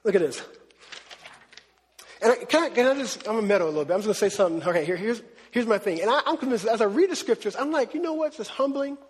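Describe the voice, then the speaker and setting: A man preaching a casual, animated sermon, often checking in with the crowd. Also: high-pitched, fast, slightly rough. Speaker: pastor. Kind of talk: conversational sermon. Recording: long hall reverb.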